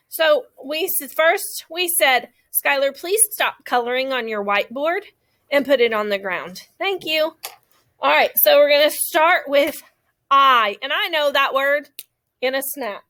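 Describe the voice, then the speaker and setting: A woman leads a classroom phonics lesson for young children. Her voice is high and bright. She speaks slowly and draws out the sounds of words, like a patient teacher. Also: lively intonation. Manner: slow, exaggerated stretching of sounds for young children.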